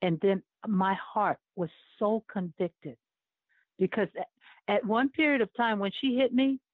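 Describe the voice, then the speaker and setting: A woman in her seventies recounts a personal story with vivid, emotional storytelling and frequent laughter, her voice at a middle pitch. The sound is tinny and phone-like, with a dry, close feel. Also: a little slow, no room sound. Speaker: former Olympic runner and sports chaplain, interview guest.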